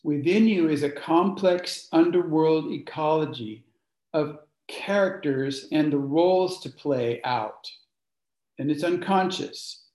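Speaking slowly in a higher-than-average voice with a darkish tone, this man runs a workshop. His informal teaching talk is conversational, and he keeps asking the group questions, all recorded in an echoey room.

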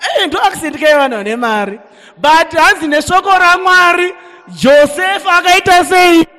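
A man with a Zimbabwean accent preaching a sermon, energetic and calling out to the congregation. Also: extremely high pitch, normal speed. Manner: energetic, calls on the congregation, switches between languages. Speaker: pastor. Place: church hall. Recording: echoey church hall reverb.

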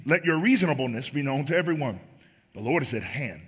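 Emphatic preaching man, husky and lively. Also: a little fast. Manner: emphatic preaching, climbing louder and higher on repeated phrases. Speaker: pastor. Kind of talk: sermon.

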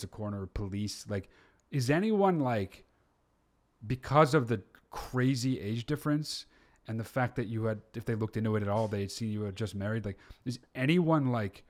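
A man's voice: on the low side, lively intonation, moderate pace. A man hosting a podcast in casual interview style, reacting with stunned interjections and casual swearing. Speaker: podcast host.

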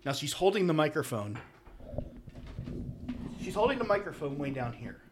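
A man's voice: moderate pace, background noise. Middle-aged man telling a story animatedly. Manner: animated, swings from loud emphatic bursts to low muttered asides. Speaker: podcast co-host. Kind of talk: casual storytelling chat.

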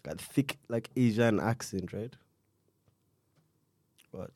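Young man, low voice, mellow dark tone, dry close sound, rambling slangy storytelling, coughing now and then. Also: slow pace, slightly rough, no echo. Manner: rambling, slangy, restarts often. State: coughing fits. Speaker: podcast co-host telling a true crime story. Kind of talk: casual chat.

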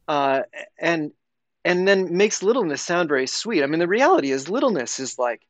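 A priest appearing as a podcast guest explains spiritual ideas in a reflective, thinking-aloud conversation. His voice sits a bit high for a man, and he's very animated at a moderate pace, recorded close and dry with no echo.

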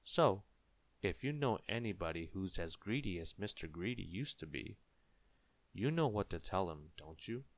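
Deep-voiced man reading a children's story. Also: normal speed, vocal fry, dry recording. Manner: expressive, asks listeners questions.

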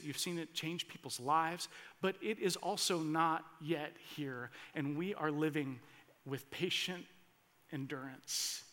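High-pitched and bright with a ringing edge, this man's voice carries a sermon full of earnest conviction. The pastor presses into impassioned emphasis and often starts his phrases over.

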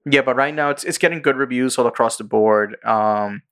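A man's voice: medium pitch, a little fast, fairly bright tone. A man hosting a loose podcast chat. He rambles through anecdotes and laughs between his lines. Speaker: podcast host. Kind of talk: casual chat.

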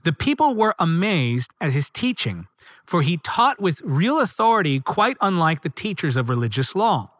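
A man's voice: on the high side, sing-song, normal speed, a bit bright, no room sound, clean studio sound. A man preaching a sermon, reading scripture aloud and driving points home with rhythmic, emphatic repetition.

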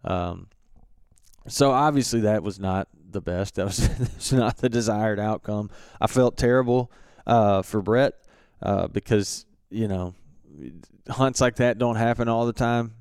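A young man telling a hunting story in a relaxed, halting way with many fillers and restarts. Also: lowish voice, smooth, no room sound, clean studio sound. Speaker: turkey hunter recounting a hunt. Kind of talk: casual storytelling.

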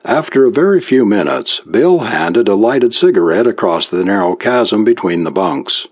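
A man narrating an adventure story as an audiobook with a lively storytelling delivery. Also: lowish voice, unhurried, few pauses, breathy edge. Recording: muffled lo-fi recording.

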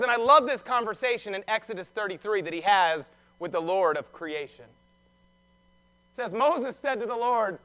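A male pastor gives an Easter sermon in a loose, storytelling style, with quips and questions to the congregation. His voice sits high and sounds bright and forward. He moves easily between joking asides and earnest points. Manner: conversational storytelling with humor.

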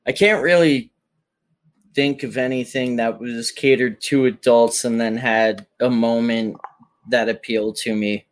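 Podcast co-host guy, mid voice, halting, lots of um and uh. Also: medium pitch, fairly even intonation. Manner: hesitant, halting, many fillers. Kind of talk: casual chat.

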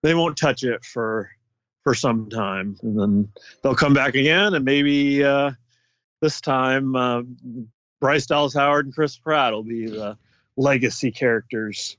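A man's voice: medium pitch, a little slow, fairly bright tone, no room sound. A man co-hosting a podcast, musing and hesitantly speculating in casual chat. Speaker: podcast co-host. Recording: dull lo-fi dry recording.

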